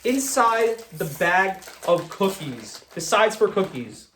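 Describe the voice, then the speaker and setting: A man's voice: sits high, sing-song, slow, fairly bright tone, slight background noise. A young American man doing live magic patter, chatty and joking at his own expense. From United States. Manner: chatty, joking, self-deprecating.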